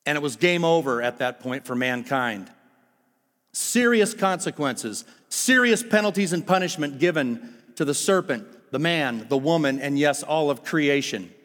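A man preaching a sermon, animated and full of rhetorical questions to his listeners. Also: fairly high pitch, normal speed. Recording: long hall reverb with faint music.

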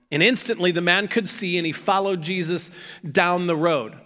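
A man preaching a sermon as pastor, animated, acting out shouted pleas from the story. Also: high voice, moderate pace, big-room sound.

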